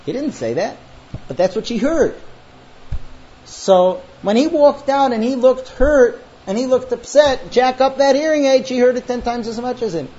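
A man's voice: extremely high pitch, moderate pace. A man teaching a class on marriage, telling stories and acting out the voices of husbands and wives. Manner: animated storyteller acting out quoted voices. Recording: dull lo-fi recording with faint ambience.

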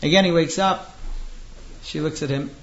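A man with a somewhat high voice tells a story to a class, halting with fillers and restarts. The recording is a bit muffled and carries a faint hiss behind him.

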